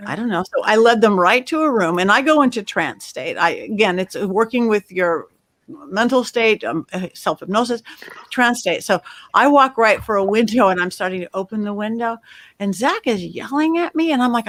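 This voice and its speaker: Animated middle-aged woman telling stories. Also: mid-range voice, normal speed, dry recording. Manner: animated storyteller, acts out quotes. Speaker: medium, panel guest. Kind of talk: casual panel chat.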